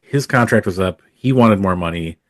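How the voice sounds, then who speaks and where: A man's voice: deep voice, moderate pace, no room sound, clean studio sound. A man who is a podcast guest, telling stories from his acting days in casual talk, rambling with many fillers and restarts. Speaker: podcast guest, photographer and former actor. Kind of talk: casual storytelling in conversation.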